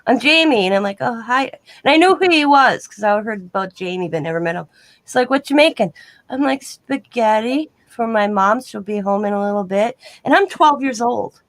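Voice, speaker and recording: Animated and fairly quick, a medium-pitched woman rambles through personal stories as a guest on a live online chat, acting out the quoted exchanges in her own plain voice. There's no echo.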